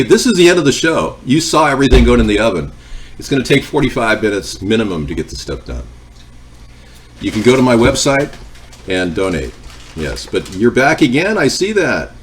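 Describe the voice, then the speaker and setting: A man's voice: medium pitch, slight background noise. A man hosting a live cooking stream from his home kitchen, rambling between the recipe and replies to viewers. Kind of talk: casual live-stream chat.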